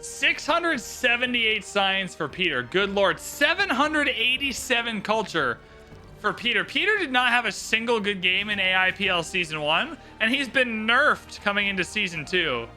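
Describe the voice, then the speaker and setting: A high, very bright male voice gives relaxed, joking commentary on a strategy game during a livestream. He chats along with easy playful asides. Faint game music plays underneath. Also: normal speed.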